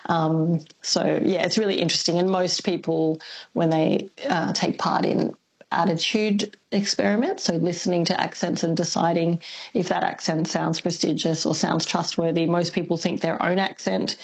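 A woman's voice: on the low side, flat delivery, normal speed, gravelly, a little mellow, breathy edge, low-quality recording. A woman speaking as an expert guest on talkback radio, explaining thoughtfully with fillers and light laughs.

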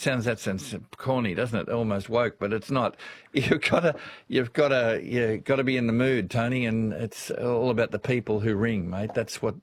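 An older man with an Australian accent hosting a casual talkback radio show, chatty and rambling with frequent laughs. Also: medium pitch. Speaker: radio host.

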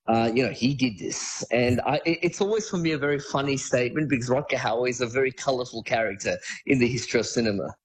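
A man's voice: medium pitch, fast talker, few pauses, slight background noise, poor audio. A man discussing films on a radio show, enthusiastic and rambling with frequent restarts. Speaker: film commentator.

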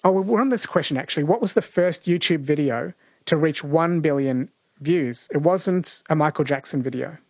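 An Australian man hosts a late-night radio talkback quiz, friendly and chatty. His voice sits a little high, and it is close and dry in the studio. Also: normal speed, a little mellow, dry recording. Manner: friendly, chatty, reads out listener messages.

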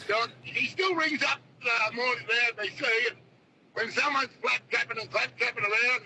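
An Australian man rings a talk radio show, his voice high and very bright. He rambles and calls everyone mate. The phone line carries a faint hiss. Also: normal speed, gravelly. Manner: rambling, says mate a lot. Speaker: caller. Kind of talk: talkback radio call. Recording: phone call with faint noise.

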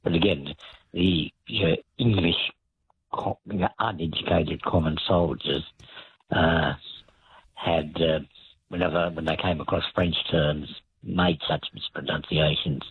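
A man calling into a radio show, explaining word origins in a hesitant, rambling way with many pauses. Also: very deep voice, steady tone, a little hiss or hum. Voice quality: very raspy. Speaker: caller. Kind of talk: phone-in radio chat. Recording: tinny phone line.

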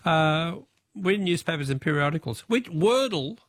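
Brisk Australian radio quiz host, man. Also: on the high side, lively intonation, no echo. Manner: brisk, friendly, counts questions aloud.

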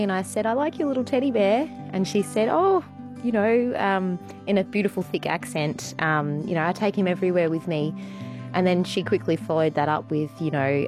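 A woman telling a casual story on radio, rambling warmly with lots of ums and you-knows. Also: low voice. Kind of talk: casual anecdote.

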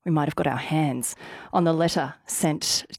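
A woman hosts breakfast radio, talking in a chatty, casual way while still out of breath. Her voice sits a little low, and the studio mic sounds close and dry. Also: moderate pace, vocal fry, a little mellow, husky, no echo. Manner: chatty, conversational, self-deprecating. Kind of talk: live radio presenting. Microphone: studio microphone.

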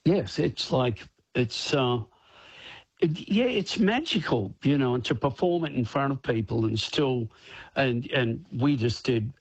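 A man in his sixties chats about his music in a radio studio. His husky voice wanders through stories, packed with fillers and quick laughs. The sound is dry and close. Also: mid-range voice, expressive, no room sound. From Australia. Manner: rambling, many "you know" fillers, laughs often. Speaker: band's lead singer, guest. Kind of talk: radio interview, casual storytelling.

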